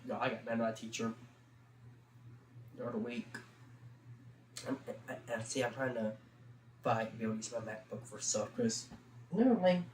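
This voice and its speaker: A man's voice: mid-range voice, darkish tone. Teen guy rambling on his stream, lots of "like", roomy sound, faint hum behind. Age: teens. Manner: chatty, loose, full of fillers. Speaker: livestream host. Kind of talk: casual rambling storytelling.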